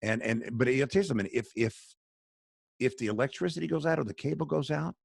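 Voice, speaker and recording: A man's voice: medium pitch, quick pace, creaky, husky, no room sound, clean studio sound. A man who speaks for a charity, talking on a video call in an earnest, sermon-like storytelling way. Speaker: charity spokesman, radio guest.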